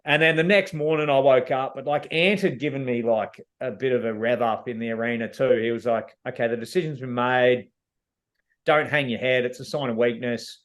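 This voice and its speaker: An Australian man speaks as a guest in a relaxed interview, openly recounting an emotional episode. He slips into the voices of the people he quotes as he goes. His voice sits at an ordinary middle pitch for a man. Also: normal speed. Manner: candid, emotional retelling that acts out quoted dialogue. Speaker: reality show contestant as guest. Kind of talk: casual storytelling interview.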